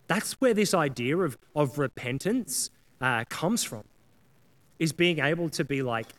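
A man's voice: on the high side, animated, unhurried. A man preaching a sermon in a casual, earnest way, often acting out prayers and apologies in quoted voices. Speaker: pastor.

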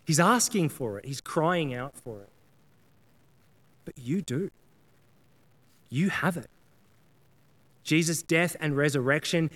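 A man preaching a sermon in a casual, earnest way, often acting out prayers and apologies in quoted voices. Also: on the high side. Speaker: pastor.

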